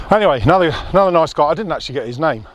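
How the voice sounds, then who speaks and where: A slightly high-voiced man talks straight into a handheld camera as he walks along a narrow country road. He rambles in a friendly, chatty way. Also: slight background noise. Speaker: outdoor vlogger. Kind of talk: casual chat to camera.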